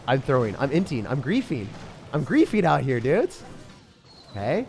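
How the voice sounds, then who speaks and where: A man giving excited, self-mocking commentary over his own gameplay, full of gamer slang, swinging from hype to groans. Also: mid-range voice, a little fast, a little hiss or hum. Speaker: gaming creator.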